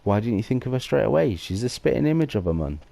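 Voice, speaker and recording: A man's voice: mid-range voice, big pitch swings, quick pace, vocal fry, mellow, a little hiss or hum, voice pushed up. A man voicing a brash, chatty male fairy sidekick in a video game, with slangy, teasing talk. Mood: cheeky.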